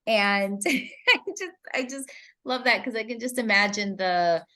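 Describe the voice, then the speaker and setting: Woman host, mid-pitched voice, laughs easily, gentle and empathetic questions. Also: unhurried. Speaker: podcast host. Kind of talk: casual interview.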